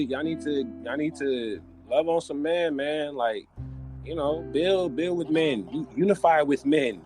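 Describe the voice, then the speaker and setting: Slangy man ranting on a podcast. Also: a little high. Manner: animated, joking, loose slang. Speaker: podcast host. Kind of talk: casual podcast rant.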